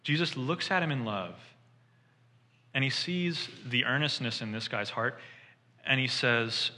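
Bright-voiced man preaching in a reverberant hall. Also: mid-range voice, measured pace. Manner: animated storytelling, voices quoted figures. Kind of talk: sermon.

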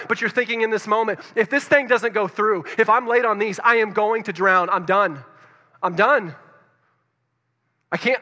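A man preaching fast in a high, bright voice. He tells his story straight to the listeners, dropping low and quiet, then building back up. A long reverb hangs on his voice in a large hall. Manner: storytelling, addresses listeners directly, swings between loud and hushed. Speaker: pastor. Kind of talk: sermon.

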